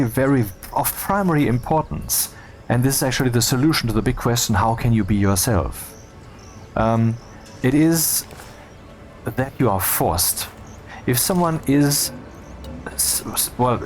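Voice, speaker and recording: A man talking casually over gameplay, rambling and cutting himself off, with wry asides. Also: mid-range voice. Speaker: video creator.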